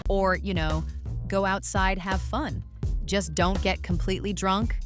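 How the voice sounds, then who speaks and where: A woman hosting a reaction video, giving mocking, deadpan commentary on clips. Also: medium pitch, measured pace, over music. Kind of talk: sarcastic commentary.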